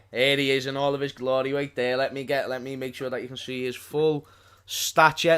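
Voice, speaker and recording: A man chats in a relaxed, slangy way, swearing freely. His voice sits at a middle pitch. He co-hosts a casual live stream from his own small studio. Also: a little fast, smooth. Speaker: stream co-host.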